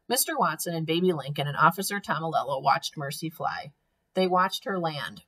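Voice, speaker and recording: Teacher reading to kids, expressive, low husky voice. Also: female voice, moderate pace, low-quality recording. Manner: clear, expressive storytelling. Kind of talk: storybook read-aloud for children.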